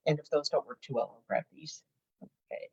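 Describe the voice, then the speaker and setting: Chatty woman with a husky voice. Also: low-pitched, brisk, darkish tone. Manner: chatty, giggly, thinks aloud. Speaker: crafting channel host. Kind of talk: casual crafting tutorial chat. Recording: dull lo-fi home recording.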